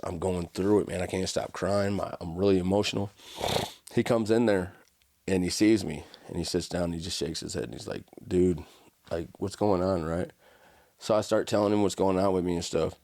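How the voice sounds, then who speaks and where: Man, very low voice, casual storyteller, dry close sound. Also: no echo. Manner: casual, animated storytelling with frequent "right?" and "like". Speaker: podcast guest. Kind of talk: conversational storytelling.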